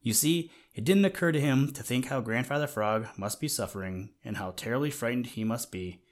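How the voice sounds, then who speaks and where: A man reading a children's storybook aloud in a gentle way, talking to the listener now and then. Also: mid-range voice, fairly quick. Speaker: narrator.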